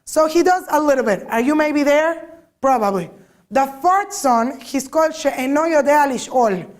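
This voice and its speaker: A woman giving an informal talk to a group, lively and always asking her listeners questions. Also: sits high, normal speed. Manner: lively, asks the audience many questions. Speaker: lecturer.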